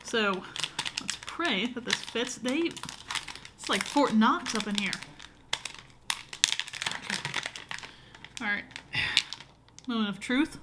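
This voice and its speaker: Young woman rambling to her tripod cam at home, lotta ums, kinda high voice. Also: expressive, slow pace, long pauses, background noise. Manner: rambling, chatty, lots of fillers. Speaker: vlogger. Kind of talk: casual vlog chat. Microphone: camera on a short tripod.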